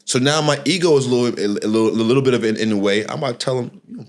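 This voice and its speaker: A middle-aged man hosting a podcast, telling a personal story in a casual, slangy, animated way and often restarting his phrases. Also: medium pitch, rapid-fire. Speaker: podcast host.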